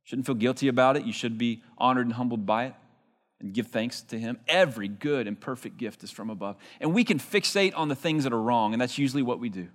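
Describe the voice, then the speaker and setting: A male pastor delivers a sermon to his congregation. His manner is conversational, and he keeps turning to the listeners with rhetorical questions. His voice sits at an ordinary middle pitch for a man. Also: fast talker. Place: church in front of a congregation.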